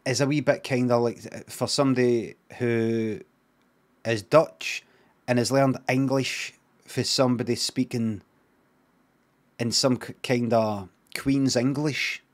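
Scottish streamer, mid-pitched man, casual rambling commentary, stops and restarts phrases. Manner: rambling, repeats words while thinking aloud.

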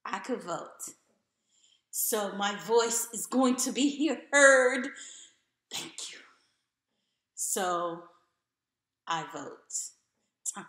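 A woman's voice: medium pitch, a bit bright, echoey room. A woman telling her own story to camera in an earnest, encouraging way, repeating phrases for emphasis.

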